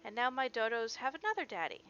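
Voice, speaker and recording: A woman's voice: a little high, sing-song, fast, pushed and bright, exaggerated voice. A woman voicing a game character, a man who dotes on his birds, in a fond, gushing way. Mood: doting. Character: doting man, dodo keeper. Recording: dull lo-fi home recording.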